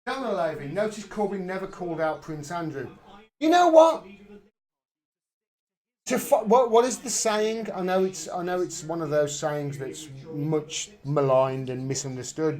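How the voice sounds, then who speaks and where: Man commentator, heated and sweary live rant, very expressive intonation. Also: fairly high pitch, unhurried. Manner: angry, profane, emphatic ranting. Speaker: political livestream commentator.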